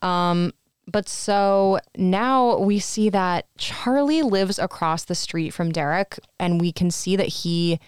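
A woman's voice: on the low side, lively intonation, slow, smooth, dry recording, clean studio sound. A young woman co-hosting a podcast, chatting casually as she recaps a movie and acts out the characters' lines. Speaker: podcast co-host.

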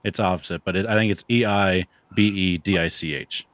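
A man's voice: sits low, brisk, no echo. Laid-back young male podcast host. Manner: relaxed, laughing, rambling. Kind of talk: casual chat.

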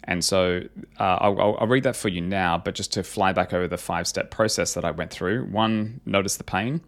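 Low-voiced man reflecting casually. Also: moderate pace. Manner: conversational, many fillers and restarts, self-questioning. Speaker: company CEO. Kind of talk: reflective podcast talk, reading his own memo.

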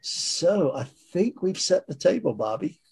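A man who is a priest, co-hosting a discussion and speaking in a measured, thoughtful way. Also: high voice, sing-song, creaky, darkish tone, husky. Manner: measured, thoughtful, with light laughs. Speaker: priest and co-host. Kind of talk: conversational discussion.

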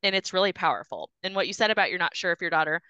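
A woman's voice: fairly low pitch, lively intonation, very fast, pushed and bright, clean tone, dry recording, highs cut off. A woman hosting a faith podcast, chatty and encouraging as she affirms her guest. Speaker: podcast host. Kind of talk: casual faith talk.

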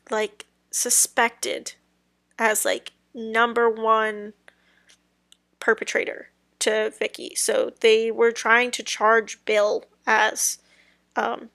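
Slow, gravelly-voiced young woman podcaster. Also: fairly high pitch, a bit bright, dry recording. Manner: rambling, hesitant, many ums and trailing sentences. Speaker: podcast host. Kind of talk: casual true-crime podcast storytelling.

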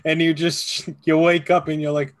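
A man's voice: fairly high pitch, moderate pace, no echo. A man in his thirties chatting casually as a podcast co-host, telling crude stories and acting out the voices of the people in them. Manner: crude, animated storyteller who acts out quoted voices. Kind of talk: casual chat.

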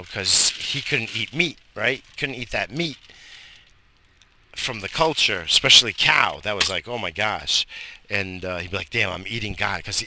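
A young man from Long Island, slightly high, rambling through a profane casual monologue outdoors in the sun, with lots of restarts. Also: pushed and bright, a little hiss or hum. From Long Island, New York.

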